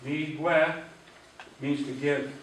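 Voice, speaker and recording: A man teaching an Ojibwe language class, patiently drilling syllables and repeating words slowly. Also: fairly high pitch, flat delivery, a little hiss or hum. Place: library auditorium. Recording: echoey room, voice from a distance.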